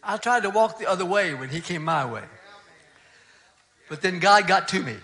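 An older man, a pastor, telling a story from his ministry in a relaxed, conversational sermon. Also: high-pitched, normal speed.

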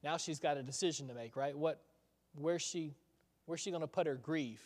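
A man's voice: on the high side, moderate pace, darkish tone. A male preacher giving a sermon in a conversational storytelling way, asking the listeners rhetorical questions. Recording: long hall reverb.

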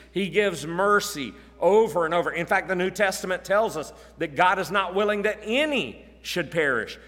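An earnest man preaching an expository sermon, leaning on repeated phrases for emphasis. His voice sits a little high and sounds bright and forceful, carried by a long hall reverb. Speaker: pastor.

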